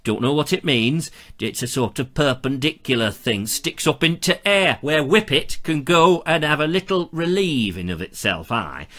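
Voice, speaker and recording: A man's voice: on the high side, animated, moderate pace, a bit bright. A man putting on a Northern English accent to voice a blunt, folksy Northern man who drawls and says "aye" and "lad". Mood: jovial.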